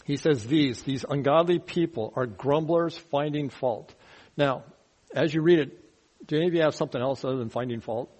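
A man's voice: on the high side, moderate pace, breathy edge. A man preaching a verse-by-verse sermon, teaching and putting questions to the congregation, mocking grumblers by turns. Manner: mocking grumblers in a rising, louder voice. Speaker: pastor.

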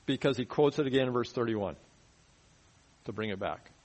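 A man teaching verse by verse through a Bible passage in a conversational sermon, often dropping his voice low to stress a point. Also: moderate pace, darkish tone, low-quality recording. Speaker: pastor. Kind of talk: expository sermon.

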